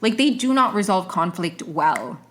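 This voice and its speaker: A woman's voice: medium pitch, big pitch swings, a little slow, slight background noise. A woman hosting her own podcast, giving rambling, exasperated commentary full of fillers and restarts. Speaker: podcast host. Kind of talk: casual solo commentary.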